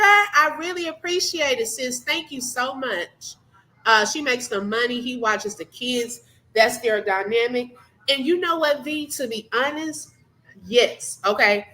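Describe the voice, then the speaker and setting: A woman's voice: a little high, fairly bright tone, poor audio. A woman hosting a live reaction stream, chatting casually and thanking viewers by name. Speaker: livestream host.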